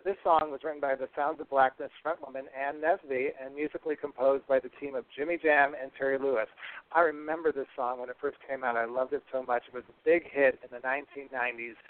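A man's voice: medium pitch, fairly even intonation, fast. A man hosting a podcast in a chatty, casual way, often tripping over his words. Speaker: podcast host. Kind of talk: casual radio-style hosting. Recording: tinny phone-like line.

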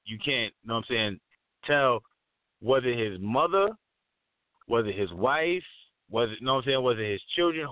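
A man's voice: mid-range voice, no room sound. A man co-hosting a casual chat show, joking and swearing as he rambles. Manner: profane, joking, loose rambling. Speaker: co-host. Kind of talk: casual podcast banter. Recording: dry phone-like line.

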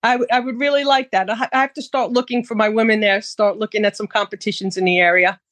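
A woman's voice: medium pitch, steady tone, fast, a bit bright, dry recording. A woman guest talking casually about teaching firearms classes, chatty, with frequent fillers. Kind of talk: casual interview.

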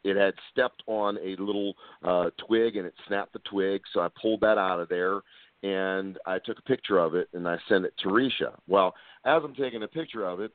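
Guest from Pennsylvania on a phone line, low-voiced man, lively storyteller. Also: moderate pace, dry recording. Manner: animated storyteller, acts out the people he quotes. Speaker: guest researcher. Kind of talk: casual storytelling on a call-in show. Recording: tinny phone line, dry.

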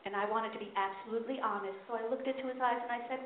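High-voiced New York woman doing stand-up. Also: steady tone. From New York City. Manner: punchy, quick asides to the crowd. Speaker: stand-up comedian. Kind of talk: stand-up comedy. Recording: echoey, tinny, noisy club sound.

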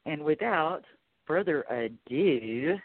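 A woman's voice: low voice, animated, takes it slowly, over loud music. A woman with a Texas accent hosting an interview, chatty and enthusiastic. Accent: Texan. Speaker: host. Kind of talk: casual interview. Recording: tinny phone-like line, dry.

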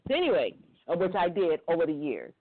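Animated woman on a tinny call. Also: quick pace, a little hiss or hum. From Long Island, New York. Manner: animated, candid, jumps into high quoted voices. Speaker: guest on a talk show. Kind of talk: casual interview storytelling. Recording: tinny phone-like call audio.

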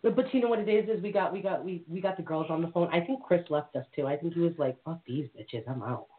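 A woman's voice: on the low side, fast talker, crowd noise. A woman hosting a live call-in talk show, talking in a brash, bawdy, playful way. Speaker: host. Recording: tinny phone-line audio with faint hiss.

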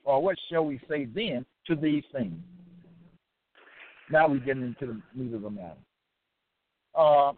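Man preaching in a lecture style, raised pitch, dead dry room, repeats questions and says "okay?" a lot. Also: no room sound. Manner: repetitive rhetorical questions, frequent "okay?". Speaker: religious teacher. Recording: tinny dry phone-line sound.

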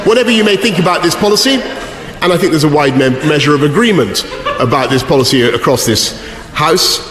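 A man answers a question in a parliamentary chamber, starting out halting with many fillers before landing firmly on his point. His fairly high voice rings around a large, echoey hall with a long reverb. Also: animated. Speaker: government minister answering in parliament.

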